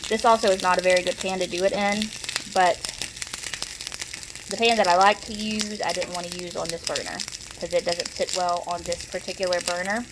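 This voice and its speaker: A Southern-accented woman chats and rambles through a homey cooking demo in her home kitchen, filmed on a propped-up phone. Her voice is on the low side, fairly quick, with little pitch movement, and there's background noise.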